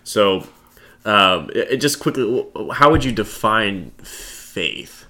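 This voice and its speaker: Low, bright-toned man, hesitant co-host. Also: lively intonation, slow pace. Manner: hesitant, lots of fillers and restarts. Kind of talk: casual discussion.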